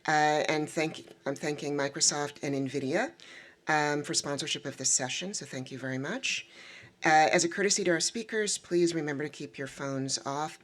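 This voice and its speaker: A woman in an executive role opening a conference session with upbeat welcome remarks, thanking hosts and sponsors and introducing the moderator. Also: deep voice. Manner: upbeat, self-deprecating, a few restarts. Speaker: guild executive introducing a panel. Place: conference venue with a live audience.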